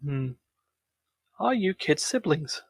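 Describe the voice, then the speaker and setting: A man's voice: on the high side, sing-song, slow pace, vocal fry, husky, dry recording. Man reading game text aloud. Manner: reads narration aloud, then chats and jokes. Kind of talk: casual let's-play narration.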